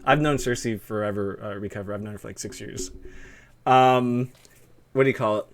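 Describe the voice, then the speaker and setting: Talking with a guest on his stream, a young man with a lisp keeps the chat casual, loose and full of fillers. His voice is fairly low and steady, at normal speed, with a little hiss or hum in the background.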